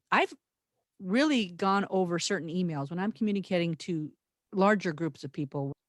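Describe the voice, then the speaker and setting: Thoughtful woman podcast host, emphatic delivery, lower voice, close and dry. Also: darkish tone, dry recording. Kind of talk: reflective podcast conversation.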